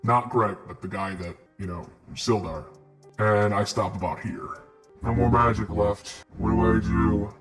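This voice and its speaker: Slow-talking brash man player. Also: on the low side, steady tone, faint music behind. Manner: brash, swearing, unhurried. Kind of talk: tabletop game play.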